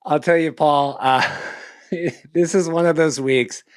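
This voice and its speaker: A man's voice: fairly high pitch, fairly even intonation, slow pace. A young man co-hosting a casual podcast, rambling and self-deprecating, often restarting his sentences. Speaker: podcast co-host.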